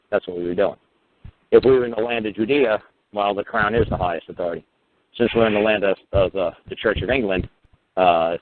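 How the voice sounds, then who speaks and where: A man telling a courtroom story in a casual, profane, emphatic monologue, sometimes raising his voice to mimic others. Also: deep voice. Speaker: radio talk host. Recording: tinny phone-line audio.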